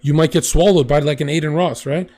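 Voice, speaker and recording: Animated swearing man telling stories. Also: a little high, fairly quick. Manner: animated storyteller, swears freely. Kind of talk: casual chat.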